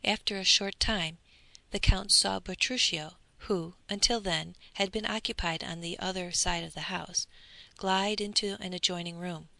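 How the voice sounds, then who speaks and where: A woman narrating a classic adventure novel as an audiobook reader, in slow, deliberate phrasing. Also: lowish voice, fairly even intonation, gravelly, bright, forceful tone, no echo.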